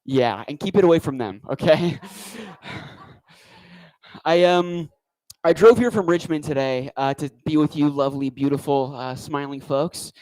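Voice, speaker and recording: A man's voice: fairly high pitch, measured pace, a little mellow, dry recording, low-quality recording. A man doing a stand-up comedy set on a club stage, talking into a handheld mic with a wry, rambling delivery.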